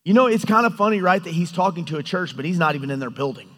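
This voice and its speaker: Animated male preacher with a high voice, in a reverberant hall. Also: racing. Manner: animated, storytelling, acts out God's lines. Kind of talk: sermon.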